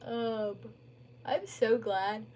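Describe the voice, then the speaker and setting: Young woman rambling on a phone livestream, slow and easygoing, lots of likes, faint hiss behind. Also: fairly high pitch. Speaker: streamer. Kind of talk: casual livestream chat.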